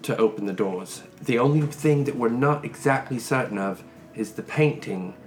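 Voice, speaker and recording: A man's voice: mid-range voice, moderate pace, soft background music. A man playing a tabletop game, talking in a casual way. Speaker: player. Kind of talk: tabletop role-play.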